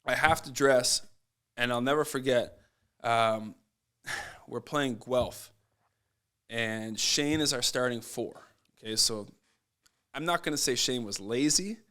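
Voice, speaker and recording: A man guesting on a podcast as a basketball coach, telling stories in a casual, animated way and acting out what people said. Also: mid-range voice, slow, long pauses, clear, resonant tone. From Nova Scotia, Canada. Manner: animated, acts out quoted voices. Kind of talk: casual storytelling.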